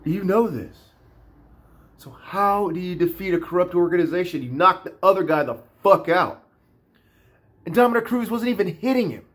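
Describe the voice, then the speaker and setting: A man ranting in a casual vlog, animated and profane, often repeating himself. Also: high-pitched, normal speed. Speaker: vlogger. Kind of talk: casual rant.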